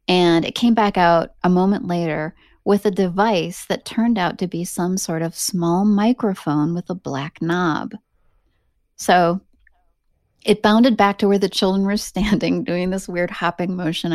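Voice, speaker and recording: A woman hosting a podcast, telling an eerie story in a casual, animated way with laughing asides. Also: fairly low pitch, no room sound, studio quality. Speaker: podcast host.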